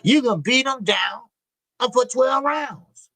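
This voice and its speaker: A man with a high, slangy voice hosts a live boxing talk stream, chatting loosely and repeating himself as he reads viewer messages. The sound is dry and close, with no room around it. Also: takes it slowly, vocal fry, sharp tone, no room sound, rough recording. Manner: loose, repetitive, slangy, profane. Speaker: boxing show host.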